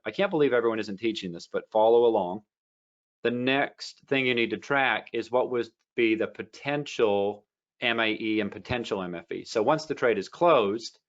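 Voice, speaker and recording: A trading educator with a lowish voice gives a casual lesson on trading, rambling through stories with lots of fillers and restarts. The sound is lo-fi.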